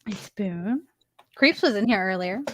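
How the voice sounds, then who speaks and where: A woman's voice: mid-range voice, animated, measured pace, a little hiss or hum. A woman co-hosting a livestream, answering briefly and greeting viewers in chat. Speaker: co-host of a livestream chat show.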